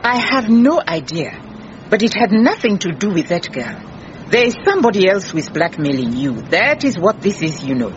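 Radio drama: an actress doing a firm, patient detective, muffled sound. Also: female voice, medium pitch, big pitch swings, moderate pace, lightly acted. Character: calm firm woman detective. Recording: muffled with faint hiss.

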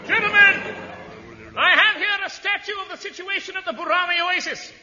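An actor playing a pompous, bumbling old navy admiral who sputters and repeats himself in a 1950s radio comedy. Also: male voice, extremely high pitch, normal speed, in a large hall. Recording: dull old radio recording, loud audience laughter and hiss.

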